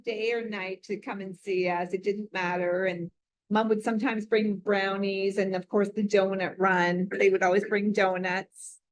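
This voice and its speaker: A woman's voice: mid-range voice, flat delivery, moderate pace, dull audio. A woman in the audience adds short remarks to the speaker's story from away from the microphone. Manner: brief chiming-in remarks.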